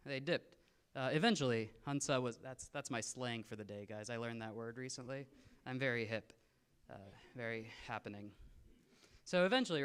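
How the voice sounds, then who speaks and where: A young man presents stories to a live audience in a convention room. His voice sits a little high, and his delivery is loose and playful, full of slang and self-mocking jokes. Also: clean tone. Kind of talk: casual storytelling to a live audience.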